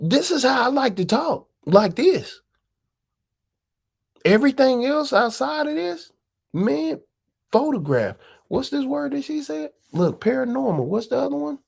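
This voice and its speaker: A woman's voice: sits high, sing-song, a little slow, gravelly, a little mellow, husky. A woman hosting a live stream, talking casually and firing off profane rhetorical questions.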